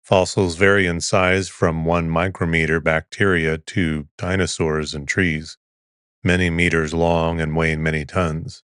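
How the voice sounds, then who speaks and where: Male podcast host, very low voice, dry close sound, soothing bedtime reader. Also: measured pace, smooth, dry recording. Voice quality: soothing, even. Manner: calm monotone reading of an article. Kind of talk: slow soothing sleep-podcast reading.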